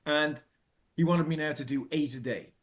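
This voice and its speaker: A middle-aged Irish man telling a personal story in an earnest, halting way, restarting and repeating phrases for emphasis. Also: fairly high pitch. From Ireland. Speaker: speaker telling his own story.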